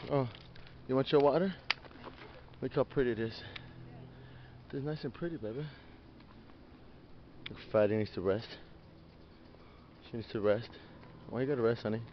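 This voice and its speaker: A man's voice: medium pitch, normal speed, pauses often, muffled recording, slight background noise. A young man filming a hike outdoors, teasing his partner playfully, laughing often and swearing freely, a little winded from the climb. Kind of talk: casual teasing chat. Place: outdoor hiking trail by a river.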